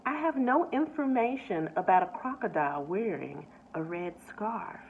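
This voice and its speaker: A woman's voice: mid-range voice, expressive, normal speed, creaky, a little hiss or hum. A woman doing a curt information-booth lady. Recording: tinny phone-like sound.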